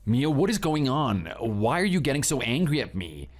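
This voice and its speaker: A man's voice: medium pitch, big pitch swings, moderate pace, soft background music. A man playing a husband in a dramatized story, curt and defensive toward his partner. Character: cold, defensive young husband.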